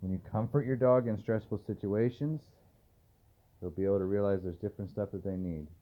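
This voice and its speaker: A man, a dog trainer, filming a casual vlog at home at night and softly murmuring to calm his dogs between remarks to the camera. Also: on the low side, brisk. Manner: soft, soothing murmurs to the dogs. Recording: tinny phone-like audio, faint hiss.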